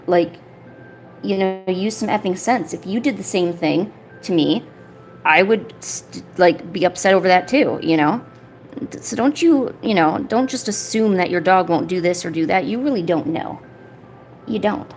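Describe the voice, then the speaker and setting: A woman's voice: on the low side, normal speed, a little mellow, faint music behind. A woman art streamer chatting casually while she works on a paper craft, rambling along and filling her talk with "you know" and "like".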